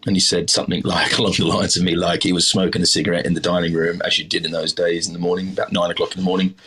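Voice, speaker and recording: Australian chef, middle-aged man, deep slightly husky voice, loose rambling anecdotes. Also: level tone, racing, pushed and bright. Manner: rambling, many fillers and restarts, self-deprecating. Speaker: chef, podcast guest. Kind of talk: casual interview storytelling.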